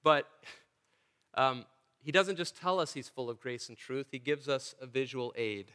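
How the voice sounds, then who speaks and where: A man's voice: medium pitch, unhurried, sharp tone, clear, resonant tone. A male pastor preaching a sermon in a church, earnest and emphatic, with touches of dry humor. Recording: long church reverb.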